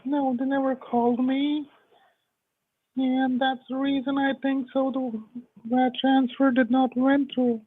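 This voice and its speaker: A woman's voice: high-pitched, flat delivery, a little slow, husky. A woman-sounding scam caller giving instructions in stiff, formal phrasing over the phone. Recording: tinny phone line.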